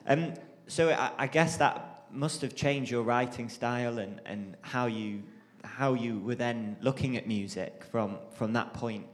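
A man's voice: mid-range voice, a little slow, few pauses. A man interviewing a guest, asking brief conversational questions. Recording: long room reverb.

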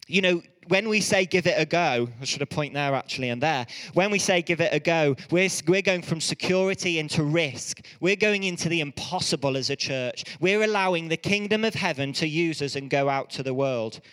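Smooth-voiced preacher, lively storyteller. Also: male voice, fairly high pitch, in a large hall. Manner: lively storytelling with quick self-corrections. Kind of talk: sermon.

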